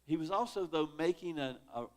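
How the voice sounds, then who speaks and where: A man with a fairly high, lively voice leads a church Bible study at a fairly quick pace, his tone a little mellow. He teaches in a conversational yet dramatic manner, reading scripture with feeling and rising sharply on quoted laments.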